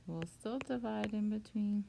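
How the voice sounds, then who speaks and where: A woman's voice: medium pitch, creaky, mellow, rough recording. A woman teacher patiently walking through a phonics spelling lesson step by step. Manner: slow, patient, step-by-step explaining. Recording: noticeable background noise.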